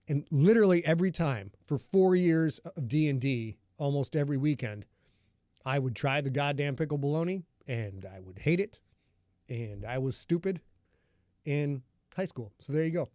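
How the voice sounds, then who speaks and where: A man's voice: fairly high pitch, expressive, normal speed, mellow, no room sound, clean studio sound. A man from northern Michigan, an author hosting a live stream, talking in a rambling, chatty way and greeting viewers in the chat.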